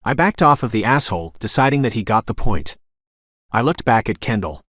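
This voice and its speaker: A man narrating a romance audiobook in first person, with a gruff, dramatic delivery. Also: lowish voice, animated, fairly quick, a bit bright, no room sound, clean studio sound.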